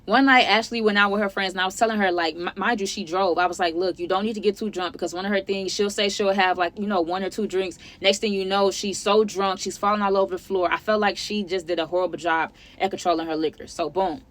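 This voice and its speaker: A woman in her twenties telling a personal story to her viewers in a sassy, chatty, animated way. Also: mid-range voice, fast, few pauses. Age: 20s. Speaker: storytime vlogger.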